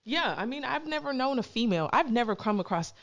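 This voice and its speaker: A woman's voice: fairly high pitch, fast, highs cut off. A woman from Canada, a podcast guest, telling personal stories in casual chat and acting out other people's voices. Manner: animated, acts out quoted voices.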